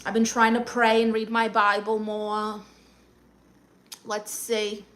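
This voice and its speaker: A woman's voice: mid-range voice, completely flat delivery, slow, fairly bright tone, a little hiss or hum. A woman with a Brooklyn accent, chatting casually on a live stream and reading out viewer comments in a sassy, brash way. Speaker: livestreamer.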